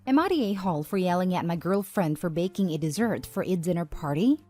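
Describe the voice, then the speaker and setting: A woman narrating online posts aloud at an even, steady reading pace. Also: on the low side, a little fast, faint music behind.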